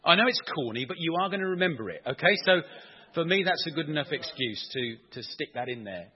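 A man preaching a sermon, animated and playful, asking the congregation questions as he explains. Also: a little high, fast talker, breathy edge, lo-fi sound.

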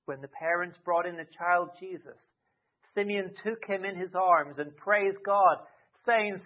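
A man preaching a sermon expressively, with dramatic rises and soft drops. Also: high-pitched, takes it slowly. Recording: tinny phone-like sound.

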